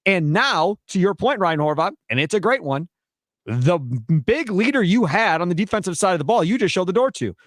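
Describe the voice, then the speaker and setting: A man co-hosting sports talk radio, explaining things to listeners in a measured way. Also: high voice, big pitch swings, dry recording, clean studio sound.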